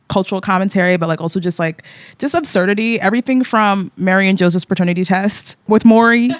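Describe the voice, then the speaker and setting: A woman's voice: on the low side, clear, resonant tone, no room sound, clean studio sound. A young woman in her twenties, a podcast guest chatting casually and full of fillers. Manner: chatty, filler-heavy, lively. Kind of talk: casual interview chat.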